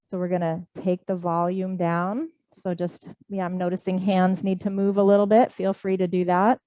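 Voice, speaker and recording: A woman teaching a live yoga class to people in the room and online. She gives gentle, slow breathing cues. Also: on the low side, level tone, no echo, rough recording. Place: indoor studio class, also streamed online.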